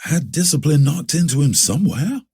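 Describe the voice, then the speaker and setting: Brief: male reader as a keen young greenhorn, raised pitch, inquisitive. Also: very animated, moderate pace, darkish tone, breathy edge, heavily acted. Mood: curious. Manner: inquisitive, eager questions.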